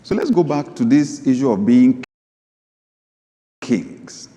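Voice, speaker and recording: A man preaching a sermon as pastor, reading scripture aloud, moving from low asides to sudden high, emphatic bursts. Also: very animated, takes it slowly, dark tone. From Nigeria. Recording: long hall reverb.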